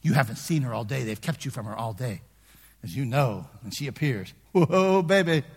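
A man preaching a sermon in a conversational way, dropping to hushed asides and rising to shouted emphasis. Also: medium pitch, animated, normal speed, husky, in a large hall. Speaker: pastor.

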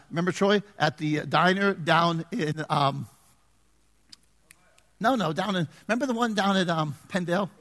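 A male pastor delivers a lively sermon in a high voice, joking with his congregation between scripture readings. His words carry a long reverberant tail from the church hall. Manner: animated, jokey preaching with congregation banter.

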